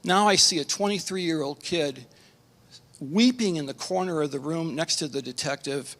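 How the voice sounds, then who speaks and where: A middle-aged man, a pastor, telling a personal testimony at a conference, earnest and emotional, with halting restarts. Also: on the high side, a bit bright. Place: conference hall. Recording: reverberant conference hall.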